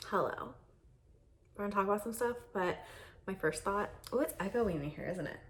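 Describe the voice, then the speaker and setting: A young woman vlogger talks candidly to a camera on a tripod in a carpeted guest room, rambling with lots of fillers and laughter. Her voice is medium-pitched and animated at a normal speed, with background noise audible.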